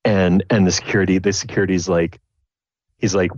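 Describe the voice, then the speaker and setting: A man's voice: low-pitched, level tone, fairly quick, darkish tone, dry recording, muffled recording. A man narrating as game master of a tabletop game, rambling with many restarts and fillers.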